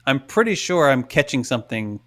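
A man's voice: mid-range voice, big pitch swings, brisk, a bit bright. A man co-hosting a podcast in casual chat, telling stories in a rambling, self-interrupting way. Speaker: podcast co-host.

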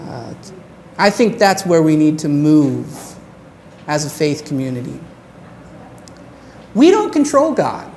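A woman pastor preaching a sermon in an earnest way, slowing down on her key phrases. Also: low-pitched, very animated, a little mellow, a little hiss or hum.

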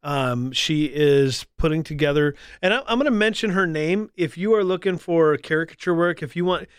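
A man's voice: a little high, lively intonation, moderate pace, clean tone, dry recording, studio quality. A man co-hosting a casual podcast, talking in an easygoing, rambling way with many restarts. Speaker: podcast co-host. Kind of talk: casual chat.

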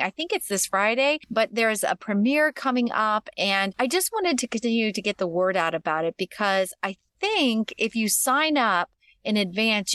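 A woman's voice: medium pitch, fairly bright tone, no room sound. A woman co-hosting a podcast from her clothes closet at home, chatting in an upbeat, rambling way. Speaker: podcast co-host. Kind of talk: casual chat.

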